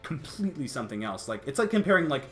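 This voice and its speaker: Lively young man chatting casually. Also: medium pitch, quick pace, faint music behind. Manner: animated, restarts often, laughs between points. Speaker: youtube host. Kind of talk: casual chat.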